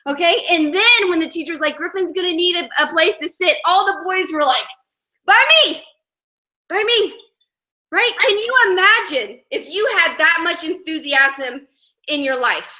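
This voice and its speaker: A woman giving a live motivational talk to an audience, energetic and chatty, often asking "you know what I mean?". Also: very high voice, moderate pace. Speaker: motivational speaker.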